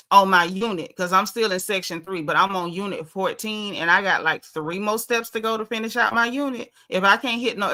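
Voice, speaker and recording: With a Southern US accent, a woman hosts a casual livestream, reading viewer comments aloud and responding bluntly and sassily in chatty dialect. Her voice is medium-pitched with a sharp tone.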